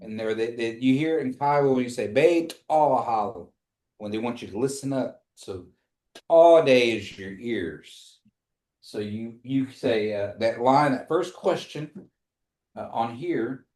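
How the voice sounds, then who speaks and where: A man teaching a language class, slowly drilling words for the class to repeat. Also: mid-range voice, a little mellow. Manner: patient, slow drilling of words for repetition. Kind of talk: live in-person language lesson. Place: classroom streamed online. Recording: echoey room.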